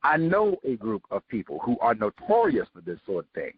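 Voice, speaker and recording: A man hosting a book study show, giving sarcastic, animated commentary as he reads. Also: on the low side, moderate pace, hardly any pauses, husky, no echo, phone-quality sound. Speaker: host.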